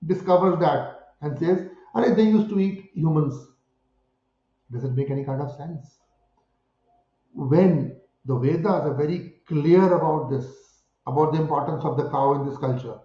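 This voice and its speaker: A man's voice: fairly high pitch, echoey room, dull audio. Emphatic Indian man with rhetorical questions. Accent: Indian English. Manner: emphatic, rhetorical questions, rising to forceful peaks. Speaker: spiritual guru interviewed about cow protection. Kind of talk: impassioned interview answers.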